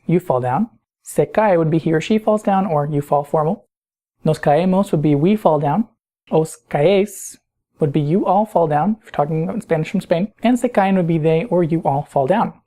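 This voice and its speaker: Mellow low-voiced woman teaching. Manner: patient, explanatory, asks the listener questions. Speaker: Spanish teacher. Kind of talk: recorded grammar lesson.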